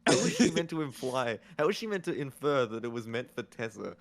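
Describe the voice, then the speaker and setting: A man's voice: mid-range voice, fairly quick. A young man, a guest on a podcast, chatting casually with lots of laughter. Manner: laughing, animated. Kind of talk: casual chat.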